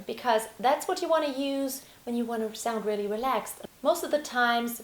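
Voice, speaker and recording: High, lively woman teaching singing. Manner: explains calmly, then breaks into sung and shouted examples. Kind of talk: vocal lesson with sung demonstrations. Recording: roomy echo.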